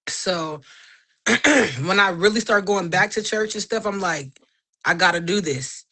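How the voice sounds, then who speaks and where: Bright-voiced woman telling a lively story. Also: mid-range voice, measured pace, slightly rough. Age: 30s. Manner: animated, acts out quoted voices, religious. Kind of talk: casual testimony storytelling.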